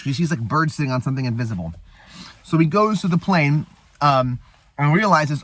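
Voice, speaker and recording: Man, casual movie recap, rambling and sweary, fairly high voice, lively. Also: fairly quick. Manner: rambling, with fillers and profanity. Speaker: host.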